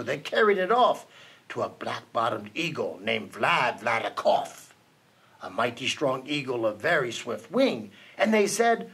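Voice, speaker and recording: Slow, expressive man reading a storybook. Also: on the high side, slightly rough. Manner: expressive, rhythmic rhyming delivery. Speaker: storybook reader. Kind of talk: children's storybook read-aloud.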